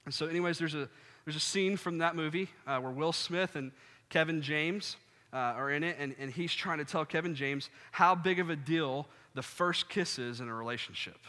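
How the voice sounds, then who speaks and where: A young man preaching a sermon, telling funny stories and acting out scenes with sudden loud outbursts. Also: medium pitch. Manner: animated, jokey, acts out scenes with sudden loud bursts. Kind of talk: sermon with storytelling. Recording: long hall reverb.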